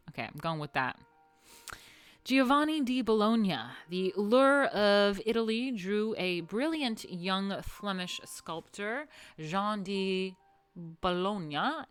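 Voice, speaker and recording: A woman talks through art history in a loose, playful way, full of asides and casual swearing. She often drops into low mutters to herself, and faint music plays underneath. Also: fairly bright tone, clean tone, no echo.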